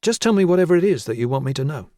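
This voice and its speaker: A man voicing a brisk woman police chief inspector. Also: on the high side, animated, dark tone, dry recording, studio quality, voice pushed up, natural voice. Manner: direct, clipped questioning.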